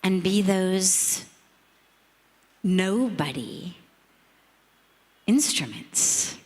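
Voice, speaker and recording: A middle-aged woman, a spiritual teacher, telling a reflective story to an audience in a measured, earnest, emphatic way. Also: mid-range voice, expressive, a little mellow, husky. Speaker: spiritual teacher speaking on a panel. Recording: long reverb of a large hall.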